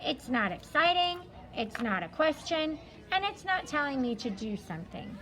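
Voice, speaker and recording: High-voiced woman teacher explaining patiently. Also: very animated, normal speed, fairly bright tone, poor audio. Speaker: elementary school teacher. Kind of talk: reviewing a study guide.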